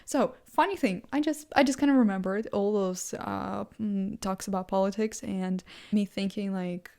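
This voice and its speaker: A woman vlogging casually as she thinks out loud, her sentences wandering and full of "like" as she restarts her thoughts. She is playful and amused by her own asides, and her voice sits at an ordinary middle pitch. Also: moderate pace, gravelly. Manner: rambling, heavy use of "like", frequent restarts.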